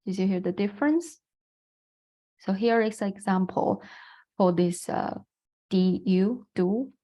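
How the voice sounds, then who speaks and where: In a warm, medium-pitched voice and an unhurried pace, a Chinese-accented woman lectures online about the Chinese language. English isn't her first language; she explains things patiently and uses fillers often.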